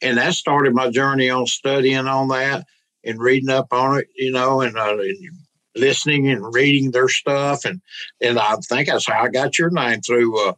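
A man's voice: mid-range voice, steady tone, normal speed, fairly bright tone, low-quality recording. A man, a pastor telling rambling, folksy stories in a casual interview. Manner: rambling, folksy, quotes others aloud. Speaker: pastor and guest.

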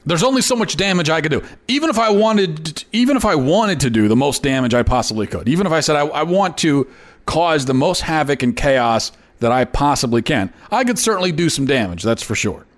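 A man's voice: a little high, lively intonation, fairly quick. Guy hosting a commentary show, emphatic, keeps repeating himself for effect. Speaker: host. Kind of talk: opinion commentary monologue.

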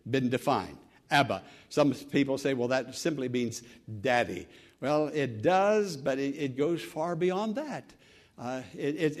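A man preaching a sermon as pastor, earnest and conversational, swinging from fervent emphasis to soft, quiet phrases. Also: on the high side. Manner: repeats words and restarts, conversational preaching.

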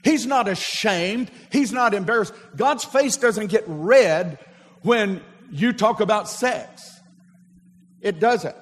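High-voiced pastor preaching in a reverberant church. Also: male voice, animated, takes it slowly. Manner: preaching with call-and-response to a congregation. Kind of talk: sermon. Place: church sanctuary. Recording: long hall reverb of a church.

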